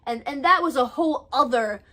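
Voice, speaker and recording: A young woman hosting a storytime vlog, retelling events with animated, dramatic flair. Her voice sits high and sounds bright and crisp. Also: brisk. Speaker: storytime vlogger.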